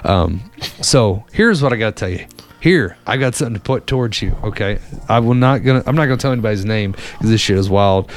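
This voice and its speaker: A man's voice: lowish voice, expressive, a little fast. Laid-back man telling a rambling story. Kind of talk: casual storytelling.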